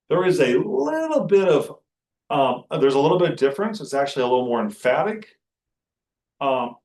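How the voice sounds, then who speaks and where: Man, classroom lecture, halting delivery, stops and restarts, mid pitch, roomy echo. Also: darkish tone. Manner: halting, full of fillers and restarts. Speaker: Greek teacher.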